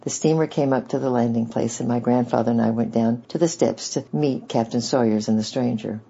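A man giving steady storybook narration as an audiobook reader. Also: medium pitch, fairly quick, creaky, slightly rough. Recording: dull lo-fi recording.

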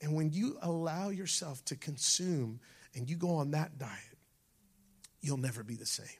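Gravelly, high-voiced preaching man. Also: a little slow. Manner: animated preaching, shifting from shouts to near-whispers. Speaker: pastor. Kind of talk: sermon.

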